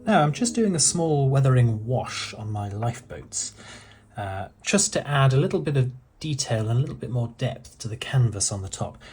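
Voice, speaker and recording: A middle-aged man calmly talking through a model-building tutorial, often hesitating and restarting his sentences. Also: medium pitch, moderate pace. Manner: hesitant, with frequent restarts and fillers. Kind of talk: relaxed tutorial voice-over.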